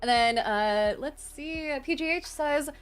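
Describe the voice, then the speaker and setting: A young woman hosting a charity live stream, reading out donations and chatting with bubbly, gushing excitement from her home computer. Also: high voice, measured pace, faint music behind. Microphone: desktop streaming mic.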